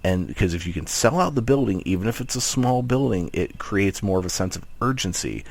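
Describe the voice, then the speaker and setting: A man's voice: fairly low pitch, brisk, gravelly, no room sound. A man co-hosting a wrestling podcast, talking casually and rambling with lots of restarts. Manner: rambling, animated, many restarts. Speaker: podcast co-host. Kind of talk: casual chat.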